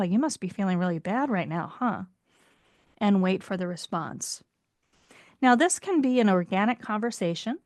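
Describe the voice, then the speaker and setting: A woman relationship coach, calmly explaining advice for couples and acting out short example exchanges. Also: mid-range voice, no echo, clean studio sound. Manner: calm, explanatory, acts out example dialogue.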